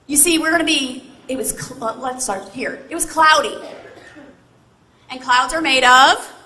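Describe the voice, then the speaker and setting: Animated woman telling a story on stage. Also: high voice, unhurried. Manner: animated, asks the audience questions. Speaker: motivational speaker. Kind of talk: keynote storytelling to a live audience. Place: large event hall. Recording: echoey hall with faint noise. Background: audience responses.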